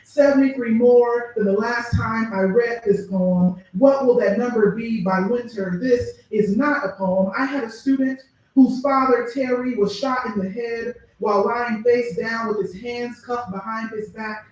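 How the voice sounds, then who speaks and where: A woman poet reads her spoken-word verse in a measured, deliberate way, pausing between lines. She is heard from a distance, and her voice rings around a very echoey room at a live bookstore event. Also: on the high side, darkish tone. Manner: measured, deliberate delivery with pauses. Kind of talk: spoken-word poetry reading.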